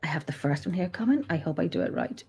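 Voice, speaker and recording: A woman's voice: low voice, sing-song, fast talker, creaky, a little mellow, husky, poor audio. A woman hosts a live paranormal chat show in a casual, teasing way. She laughs often and talks in a chatty, easy flow. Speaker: host.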